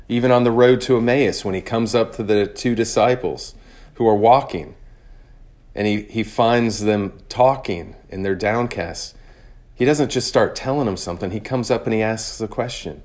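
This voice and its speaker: A man with a fairly low voice delivers a sermon from the pulpit. He speaks earnestly and deliberately, drawing out key phrases for emphasis. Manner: earnest, measured preaching with slowed emphatic phrases. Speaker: preacher.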